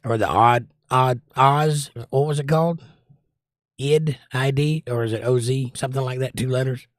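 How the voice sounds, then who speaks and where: A man talks easily into a desk microphone at home, hosting a laid-back livestream and reading viewer comments aloud. His voice sits at a middle pitch. The sound is dry and close, with no room around it. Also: moderate pace, no room sound. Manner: relaxed, rambling, reads viewer comments aloud. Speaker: livestream host reading chat. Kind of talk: casual chat. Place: indoors at home by a window.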